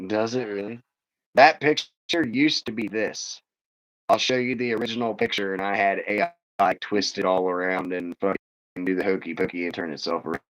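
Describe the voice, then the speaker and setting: A man's voice: on the low side, fairly even intonation, normal speed, fairly bright tone. A man hosting a casual livestream, joking crudely and reading chat comments aloud. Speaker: livestream host. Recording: dull lo-fi stream audio.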